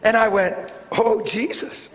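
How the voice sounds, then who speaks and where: A middle-aged man preaching a sermon and telling a personal story, swinging between loud bursts and hushed, gentle tones. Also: high voice, little pitch movement, measured pace. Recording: reverberant hall with faint background hiss.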